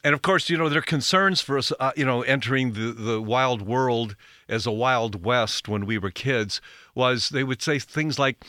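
A man's voice: mid-range voice, moderate pace, bright, forceful tone, no echo, clean studio sound. A man giving a folksy, rambling talk show monologue as host. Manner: folksy, rambling, self-correcting.

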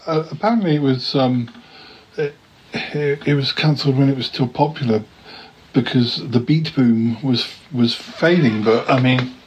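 A man's voice: mid-range voice, a little slow, muffled recording, slight background noise. A man chatting casually as podcast co-host, hesitant and restarting often. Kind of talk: casual chat about old TV.

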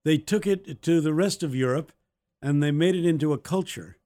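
A man's voice: a little high, normal speed, warm tone. A man co-hosting a podcast, telling anecdotes in a casual faith discussion. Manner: anecdotal storyteller. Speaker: podcast co-host.

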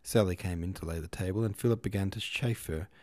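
A man with a low, mellow voice reads a classic novel aloud. His narration is measured and unhurried, the way a podcast host reads a book to listeners. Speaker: podcast host and audiobook reader.

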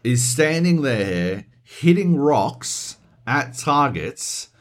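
A man's voice: medium pitch, very animated, very slow. A man co-hosting a gaming podcast, ranting animatedly and swearing constantly in casual chat. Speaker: podcast co-host.

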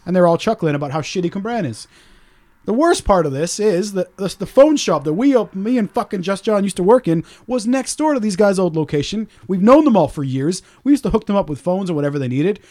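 A man hosting a podcast, telling a story in an animated rant full of swearing and acting out other people's lines. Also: high voice, a little fast. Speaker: podcast host.

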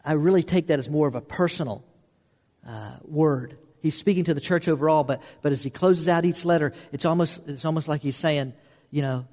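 A man's voice: a little high, fairly quick, a little mellow. A man preaching a sermon as pastor, earnest and repetitive, often restarting phrases for emphasis. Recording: long hall reverb.

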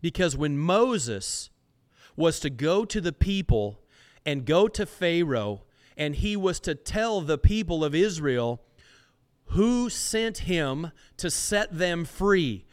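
A man preaches in an emphatic style, tossing out rhetorical questions and answering them himself. His voice is smooth and resonant and sits a little high for a man. He repeats words as he builds a point and slows down to stress key phrases. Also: sing-song. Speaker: podcast host teaching scripture. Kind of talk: sermon-style Bible teaching.

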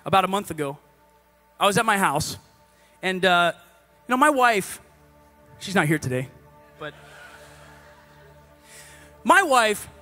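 A man preaching a sermon in a conversational, animated way, swinging from loud exhortation to hushed asides. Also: high-pitched, takes it slowly, pauses often, soft background music.

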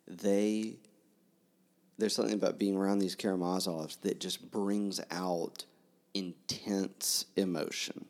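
Man with a very deep voice, musing over a novel in casual talk. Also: little pitch movement, takes it slowly, a little mellow. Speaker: book discussion participant. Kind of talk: casual book discussion.

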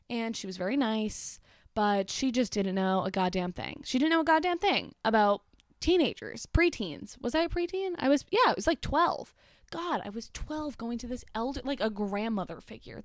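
A woman's voice: a little high, no echo, clean studio sound. A young adult woman hosting a casual solo podcast, telling a story in a chatty, self-deprecating way with frequent swearing and asides. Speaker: podcast host.

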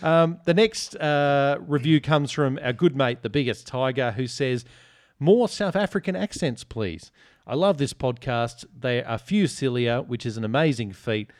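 Man, podcast host, playful ribbing delivery, mid pitch, dry close recording. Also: animated, unhurried, no room sound. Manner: joking, teasing, reads listener reviews aloud. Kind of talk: casual chat.

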